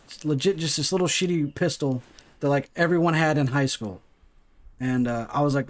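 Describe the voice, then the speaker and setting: A man's voice: fairly high pitch, fairly quick. A man chatting casually on a gaming livestream, swearing freely and rambling through stories from his life. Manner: profane, rambling storytelling.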